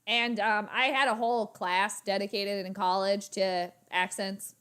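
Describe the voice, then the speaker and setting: A woman's voice: medium pitch, fairly even intonation, a little slow, fairly bright tone, smooth. A young woman hosting a live sports reaction stream, chatting in a rambling, playful way. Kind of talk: casual live-stream chat.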